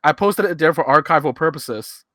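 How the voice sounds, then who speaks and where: A Hong Kong man in his twenties, with a half-American Hong Kong English accent, streams casual commentary on his old video through a cheap USB mic. His fairly high, fairly bright voice is animated at a normal speed as he rambles, chuckles and mocks himself. There's no echo, and the sound is clean studio quality.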